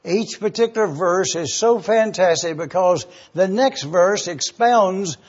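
Slow, husky high-voiced male preacher. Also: darkish tone. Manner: deliberate, spells out Greek words letter by letter. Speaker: Bible teacher. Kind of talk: expository sermon. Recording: dull lo-fi recording.

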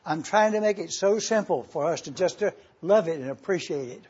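A man preaching a sermon as pastor, emphatic, swelling loud on key phrases and dropping soft and low. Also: animated, brisk, breathy edge, dull audio.

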